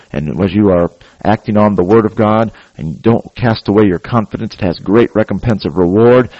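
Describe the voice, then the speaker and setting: A man's voice: deep voice, no echo, muffled recording. A man preaching a sermon, urging his listeners in an earnest, exhorting way and often adding "praise God.".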